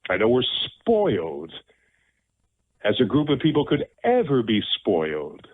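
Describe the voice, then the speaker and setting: A man's voice: medium pitch, huge pitch swings, measured pace, slightly rough. A man hosting a radio talk show, speaking in a blunt, rambling monologue and repeating himself for emphasis. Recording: narrow phone-like radio sound, dry.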